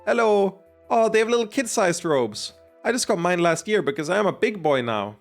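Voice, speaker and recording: A man voicing a small, excited boy in robes who talks in a chirpy, proud way. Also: high-pitched, moderate pace, soft background music, pitched above the performer's own voice.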